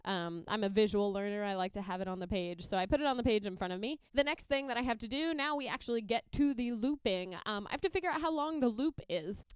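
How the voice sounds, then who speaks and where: A woman's voice: mid-range voice, fast talker, hardly any pauses, smooth, no room sound. A young woman casually explaining how she arranges songs for a looper, chatty and upbeat, sometimes singing or beatboxing short examples. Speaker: loop musician explaining her process. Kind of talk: casual tutorial talk.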